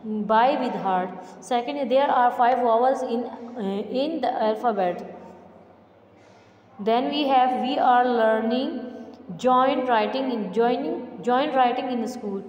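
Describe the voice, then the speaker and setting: A woman teacher, going slowly through a revision lesson and repeating each answer word by word. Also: a little high, dull audio. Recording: echoey room, faint background hum.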